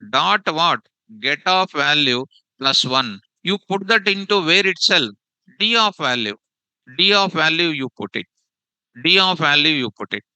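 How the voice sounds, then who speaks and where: A man leads a classroom lesson, constantly repeating himself and tossing "what?" questions at his students. His voice is sharply bright and clean-edged. The sound is dry and close. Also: medium pitch, clean tone, dry recording, low-quality recording. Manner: repeats phrases and quizzes students with "what?" prompts. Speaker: programming teacher. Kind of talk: live classroom lecture.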